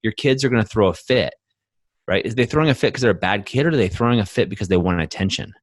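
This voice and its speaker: Emphatic male podcast co-host with a low voice and dry, close recording. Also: fast, no room sound. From United States. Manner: emphatic, animated storytelling with many fillers. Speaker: podcast co-host, men's coach. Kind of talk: casual podcast conversation.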